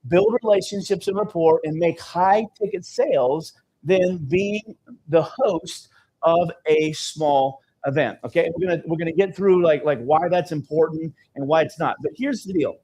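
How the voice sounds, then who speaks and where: Male seminar speaker, husky higher voice, energetic storyteller, keeps asking "okay?". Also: moderate pace. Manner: energetic storytelling, constant "okay?" check-ins. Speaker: seminar speaker and event host. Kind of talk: live seminar talk to an audience. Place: event room with live audience.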